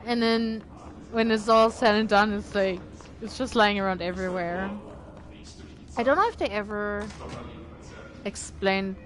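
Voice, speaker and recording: A woman's voice: medium pitch, unhurried, pauses often, a bit bright. A woman streamer giving casual gameplay commentary in a chatty, filler-heavy way, with bursts of alarmed swearing. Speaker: game streamer. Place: at home at a gaming setup. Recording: game noise behind a streamer mic.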